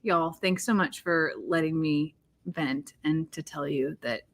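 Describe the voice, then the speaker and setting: A woman co-hosting a casual chat, speaking candidly and gratefully in a soft voice. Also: sits low, unhurried. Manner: candid, soft-spoken, thankful. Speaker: co-host.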